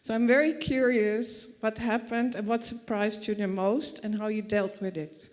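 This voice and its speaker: A woman's voice: medium pitch, fairly even intonation, normal speed. A woman from the Netherlands, an audience member asking a curious question with some hesitation. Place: event hall. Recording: long hall reverb.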